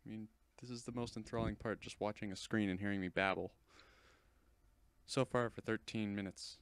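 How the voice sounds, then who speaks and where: A man's voice: on the low side, fairly even intonation, moderate pace, clear, resonant tone, no echo. A young man giving rambling, goofy and self-deprecating commentary over a screen recording of his channel. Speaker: channel host.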